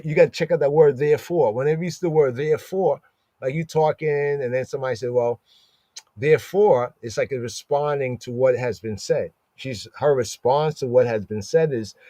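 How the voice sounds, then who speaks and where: A man giving a casual, lively scripture lesson, reading verses aloud and acting out the characters as he explains them. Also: medium pitch, dry recording. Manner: conversational, animated, reads verses and acts out the characters. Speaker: Torah study teacher.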